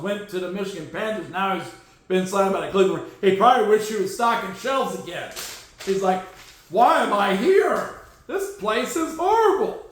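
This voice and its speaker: A man hosting a casual football podcast, sarcastic and joking, jumping from loud outbursts to low mutters. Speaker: podcast host. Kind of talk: casual sports commentary. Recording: very echoey room.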